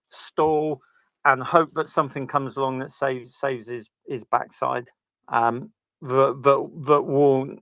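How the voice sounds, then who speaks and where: A man's voice: fairly bright tone, dry recording. A man speaking on an online panel discussion, blunt and sarcastic, his voice leaping up sharply when he stresses a point. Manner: blunt, sarcastic, swings into high emphatic bursts.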